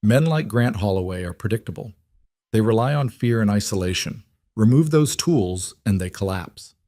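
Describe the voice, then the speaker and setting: A man voicing a mafia boss who speaks smoothly, calmly and with quiet command. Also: on the low side, moderate pace, dry recording, studio quality. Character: calm, dangerous male mafia boss.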